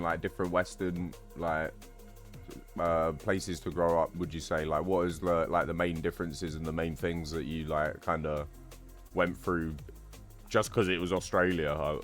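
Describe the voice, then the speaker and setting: A man's voice: sits low, a bit bright. A man hosting a podcast, chatting casually and asking rambling questions full of fillers. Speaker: podcast host.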